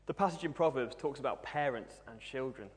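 A man's voice: mid-range voice, a little fast. A young man in his twenties preaching a sermon, humorous and self-deprecating as he tells stories. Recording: long hall reverb.

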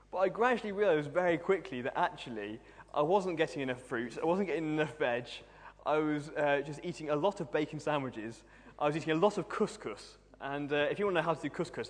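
A young man in his twenties preaching a sermon, humorous and self-deprecating as he tells stories. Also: a little high. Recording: long hall reverb.

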